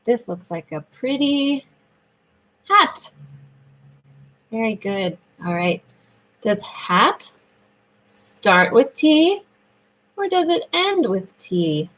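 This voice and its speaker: A woman speech therapist guides a young child through a sound lesson. Her voice sits a little high and swoops up and down in a sing-song way. She talks slowly, drawing words out and praising each answer. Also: very animated, a bit bright, rough recording.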